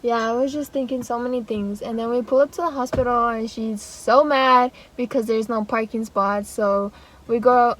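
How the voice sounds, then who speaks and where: Young woman vlogger, rambling animated storytime, slightly high voice, light music bed. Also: low-quality recording. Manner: rambling and animated, with laughs and acted-out quotes. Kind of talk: casual storytime.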